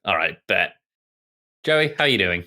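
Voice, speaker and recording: A man's voice: low-pitched, big pitch swings, unhurried, bright, forceful tone. A British man co-hosting a comedy podcast, teasing and dry in casual chat. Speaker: podcast co-host.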